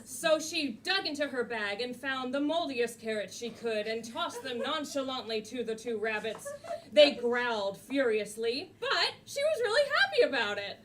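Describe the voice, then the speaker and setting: A woman's voice: a little high, big pitch swings, moderate pace, fairly bright tone, slight background noise. A woman performing in an improv comedy show, narrating a made-up story. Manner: playful narration.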